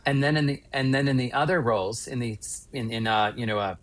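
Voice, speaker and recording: A man in his fifties from Western Pennsylvania, a stage actor telling winding, animated anecdotes as a podcast guest. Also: mid-range voice, a little fast. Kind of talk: casual interview storytelling.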